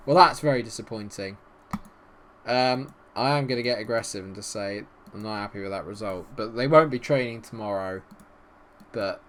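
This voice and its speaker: A young man commentating on his football management game, swinging from low muttering to excited shouting. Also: slight background noise. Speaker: gaming YouTuber. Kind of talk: let's-play commentary.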